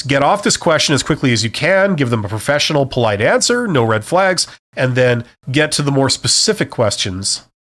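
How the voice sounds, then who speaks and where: A man's voice: on the high side, a bit bright. A middle-aged man giving frank career advice on a casual live stream, ranting a little and checking in with "okay?" and "right?".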